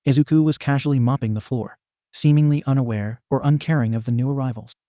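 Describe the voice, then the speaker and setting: A man's voice: medium pitch, fast, dark tone, dry recording, studio quality. A man narrating a fan story in a wry, playful scripted reading.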